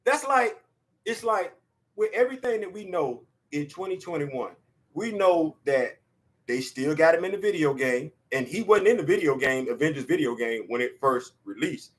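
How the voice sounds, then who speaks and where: Man, high-pitched voice, excitable casual pop-culture host, shouts and laughs. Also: moderate pace.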